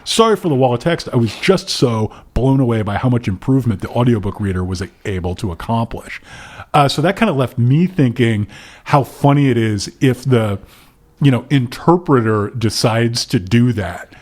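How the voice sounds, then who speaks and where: A man co-hosts a podcast and reads listener letters aloud in an easy conversational way. His voice sits at a middle pitch, and the talk stays relaxed. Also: normal speed. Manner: reads letters aloud, playful mock accents. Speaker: podcast co-host. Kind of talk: casual chat, reading listener mail.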